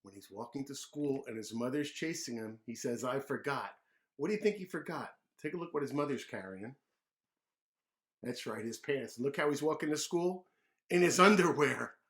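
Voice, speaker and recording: A man reading a picture book aloud to children, gently pausing to ask them questions. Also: mid-range voice, animated. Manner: gentle, asks kids questions. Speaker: children's storyteller.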